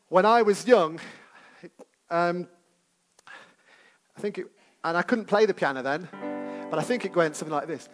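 A man with a notably high voice preaches to a congregation in a church. He keeps it conversational and chatty, often asking his listeners questions as he goes. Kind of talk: sermon.

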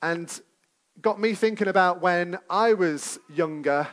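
A man's voice: high-pitched, takes it slowly, fairly bright tone. A man preaching a sermon to a congregation in a church service, talking conversationally and putting questions to his listeners.

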